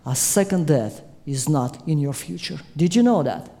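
Emphatic, warm-voiced male preacher. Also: a little high, expressive, normal speed. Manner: emphatic, swelling to loud climaxes. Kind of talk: sermon.

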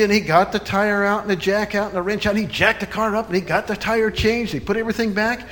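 A man telling a children's story in a church sermon, with animated, dramatic storytelling before closing in prayer. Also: sits high, fast, hardly any pauses.

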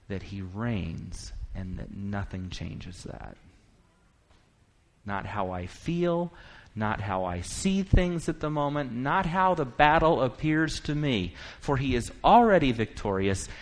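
A man preaching a sermon, moving from quiet, reflective musing to rising, emphatic declaration, and reading scripture aloud in quick bursts. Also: on the low side.

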